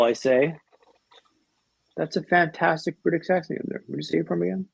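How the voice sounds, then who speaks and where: Husky high-voiced man telling a story. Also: steady tone, no echo, low-quality recording. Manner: vivid, humorous storytelling with dramatic pauses. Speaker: podcast guest. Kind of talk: storytelling in a podcast interview.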